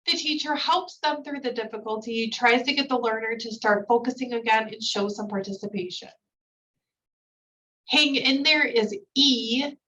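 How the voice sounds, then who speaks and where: A woman's voice: on the high side, pushed and bright, recorded from a distance, highs cut off, a little hiss or hum. A woman trainer going through slides in a recorded training lecture, explaining each point with casual fillers.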